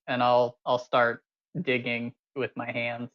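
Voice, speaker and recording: A man playing in a tabletop game, speaking in an earnest, halting way. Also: mid-range voice, monotone, lo-fi sound. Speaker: player. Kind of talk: tabletop role-play.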